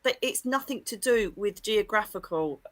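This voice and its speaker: Bright, chatty woman medium. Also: mid-range voice, normal speed, no room sound. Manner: chatty, animated storyteller with frequent exclamations. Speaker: psychic medium guest. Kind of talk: casual livestream chat.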